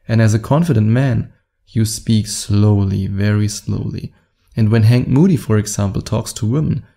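Gravelly, dark-voiced man coaching. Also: lowish voice. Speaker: dating coach. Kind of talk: direct-to-camera advice monologue.

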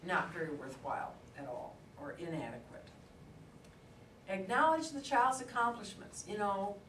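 A woman with a somewhat low, slightly bright voice gives a storytelling, conversational lecture to an adult audience. The lecture room is echoey and she is recorded from afar, with faint ambience and slight background noise.

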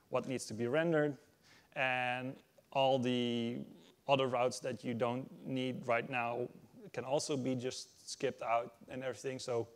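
A man presenting a technical conference talk from a stage, halting and full of fillers as he explains. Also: medium pitch, gravelly, a little mellow. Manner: halting, many fillers and restarts. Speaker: conference speaker.

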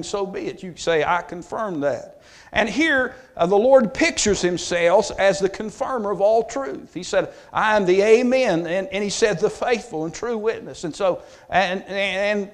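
A man preaching a Bible study, his voice sitting high for a man. He talks in a folksy, plain way, doubling back on his words, then pushes harder as he lands his key points. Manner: folksy, repeats and restarts, rises in force on key points. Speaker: pastor.

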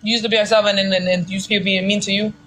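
A woman's voice: mid-range voice, little pitch movement, rapid-fire, fairly bright tone, a little hiss or hum, rough recording. A young woman bantering casually, defending herself in a playful, emphatic way.

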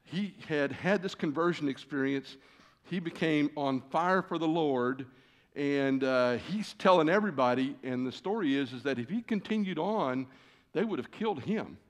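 A man preaching as a guest in a church, telling a personal story with lively, acted-out dialogue. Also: on the high side, moderate pace. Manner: animated, acts out quoted conversations. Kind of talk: storytelling sermon. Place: church sanctuary.

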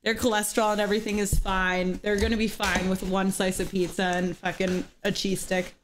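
A woman's voice: mid-range voice, level tone, fairly quick, slight background noise. A young woman streamer chatting casually to viewers, often breaking into giggles as she talks. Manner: giggly, laughing through words.

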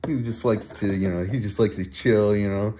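A man casually showing off his toy collection, giggling often and talking haltingly with many fillers and restarts. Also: lowish voice, steady tone, warm tone, slight background noise. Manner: giggly, laughs often between phrases. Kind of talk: casual show-and-tell video.

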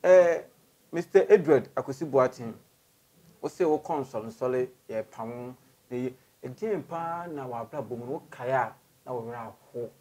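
A man with a Ghanaian accent hosting an interview, talking in an animated way and mixing in English phrases. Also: mid-range voice, moderate pace. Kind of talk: interview host.

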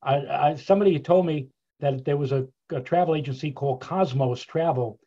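An older man with a fairly high voice tells stories with animated, rambling energy and frequent restarts. He speaks over a video call, and his audio sounds dull and muffled. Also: a little fast. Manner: animated raconteur, many restarts. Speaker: guest speaker.

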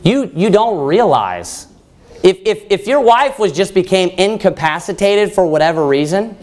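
Animated high-voiced man preaching. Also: normal speed. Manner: animated, with frequent restarts and rising emphasis. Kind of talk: verse-by-verse sermon.

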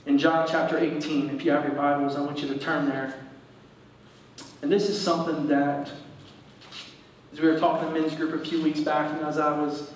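High-voiced preacher in an echoey church. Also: male voice, little pitch movement, moderate pace, pauses often, distant mic, a little hiss or hum. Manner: preaching, reading scripture and explaining it to the congregation. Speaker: pastor. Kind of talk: sermon. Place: church service.

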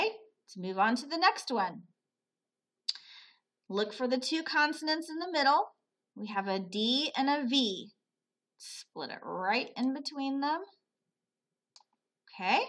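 A woman teaching a phonics lesson to children, sounding out words slowly, repeating them and praising often. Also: on the high side, a bit bright. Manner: slow, patient, repeats words aloud for pupils; praises often, asks questions and answers them.

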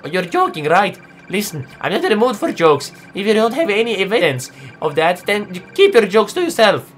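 A man's voice: high voice, sing-song, moderate pace, a little hiss or hum, voice pushed up. A man voicing a grieving young man who is suspicious and angry, with a raised, accusing voice, reading game dialogue aloud.

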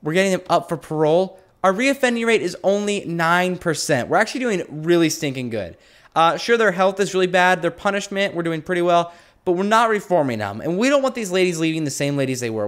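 A young man talking his way through a strategy game, his voice pitched a little high and jumping all over the place. He drops into low mutters, then pops up into surprised yelps, chatty and animated throughout. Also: fairly quick. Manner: chatty and animated, swinging between mumbled asides and excited yelps. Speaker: let's play host. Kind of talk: gameplay commentary.

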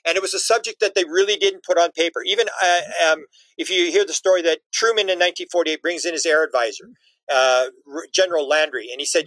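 A man's voice: sits high, a little fast, fairly bright tone, dry recording, poor audio. A man being interviewed as a researcher, telling stories emphatically and acting out quotes in different voices. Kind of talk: animated storytelling in an interview.

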